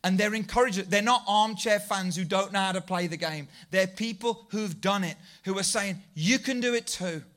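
A man preaching to a congregation, animated and self-deprecating as he tells a story. His voice sits high and sounds bright and ringing. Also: moderate pace, few pauses. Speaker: pastor. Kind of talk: sermon.

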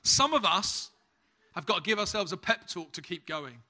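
A British preacher with a bright, ringing voice, high for a man, delivers a sermon at normal speed. He's a humorous, lively storyteller with good comic timing.

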